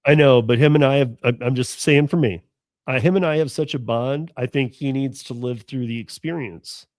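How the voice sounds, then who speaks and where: A man's voice: mid-range voice, moderate pace, dry recording, studio quality. A man hosting a podcast, chatting animatedly and jokingly, with frequent restarts. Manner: animated, joking, full of restarts and mock voices. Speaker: host. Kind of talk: casual podcast conversation.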